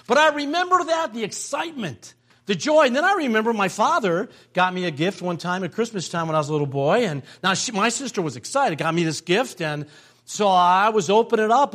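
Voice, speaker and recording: High-voiced older pastor, animated storytelling. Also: male voice. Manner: storytelling, acts out family voices, repeats phrases for emphasis. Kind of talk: sermon.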